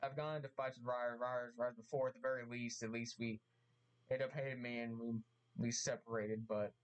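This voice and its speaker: A man making an earnest vlog apology, speaking haltingly and repeating himself, getting emotional as he talks. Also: medium pitch, little pitch movement, low-quality recording. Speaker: vlogger. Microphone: mask on, camera vlog.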